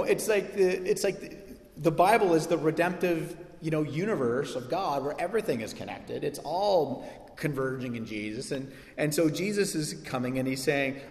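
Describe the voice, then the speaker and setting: A man preaching a sermon in a church hall, animated and joking, acting out quick asides. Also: a little high. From North America. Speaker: pastor. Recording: echoey hall.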